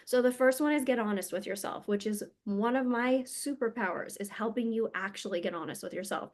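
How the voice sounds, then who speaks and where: A woman's voice: on the high side, brisk. A woman healer and coach giving a casual teaching monologue, blunt and emphatic, swearing freely.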